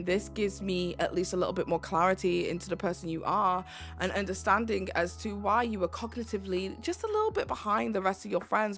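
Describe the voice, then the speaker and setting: A woman's voice: mid-range voice, fairly bright tone. A British woman giving a heated commentary rant, swearing and stressing her words, with music playing faintly behind. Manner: heated, swearing, emphatic with slow stressed phrases. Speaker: commentary YouTuber.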